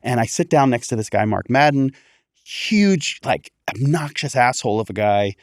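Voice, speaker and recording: A man's voice: medium pitch, normal speed. A man guesting on a comedy podcast tells a rambling anecdote with lots of energy, jumping into the voices of the people he describes. His voice sits in a middle range and sounds dry and close, with no room echo. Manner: animated storyteller, acts out quoted voices. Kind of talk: casual storytelling on a comedy podcast.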